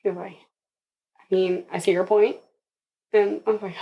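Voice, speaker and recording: A woman's voice: mid-range voice, little pitch movement, normal speed, muffled recording. A young woman, a podcast guest, telling her birth story casually and with animation, laughing often and acting out what others said.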